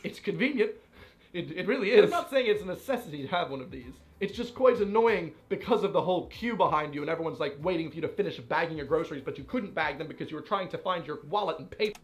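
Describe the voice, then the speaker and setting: Animated high-voiced young man. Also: fast. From United States. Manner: animated, playfully exasperated storytelling. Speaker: vlogger. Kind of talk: casual commentary.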